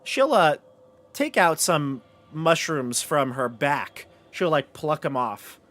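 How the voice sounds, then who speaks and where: A man narrating a tabletop game as game master, in a casual, halting way. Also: on the high side, lively intonation, a bit bright.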